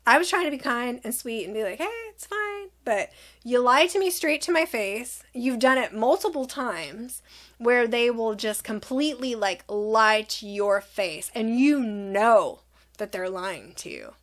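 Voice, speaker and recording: Young woman, high voice, exasperated storytime vlogger who acts out the quotes. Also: measured pace. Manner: animated, exasperated retelling with quoted dialogue. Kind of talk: casual storytime vlog.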